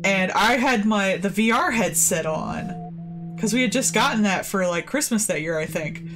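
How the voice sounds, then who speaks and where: A woman from the southern United States, an artist chatting casually on a stream, wry and animated, who swears offhandedly. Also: mid-range voice, moderate pace, over music. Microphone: headset.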